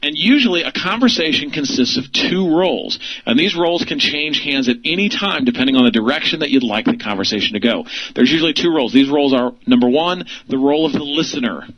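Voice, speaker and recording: A man's voice: on the high side, animated, fast talker, muffled recording. A man teaching an instructional lesson for real estate investors, asking rhetorical questions and laughing lightly.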